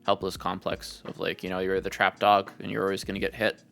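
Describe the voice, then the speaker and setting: Podcast host, man, lowish voice, blunt and sweary, faint music behind. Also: monotone, a little fast, vocal fry, fairly bright tone. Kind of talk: casual chat.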